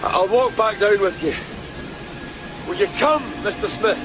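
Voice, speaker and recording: An actor playing a kindly, concerned village weaver with a Scottish accent, speaking plainly and coaxingly in a radio drama. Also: male voice, high-pitched, very animated, normal speed, over music, poor audio. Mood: gentle concern. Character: Thomas Buchan, a kindly middle-aged village weaver.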